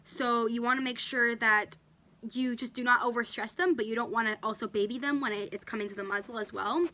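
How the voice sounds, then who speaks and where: A woman's voice: fairly high pitch, steady tone, fairly quick, sharp tone. A woman casually demonstrating dog training at home, explaining each step and talking to her dog along the way. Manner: chatty, talks to her dog between explanations. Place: indoors at home.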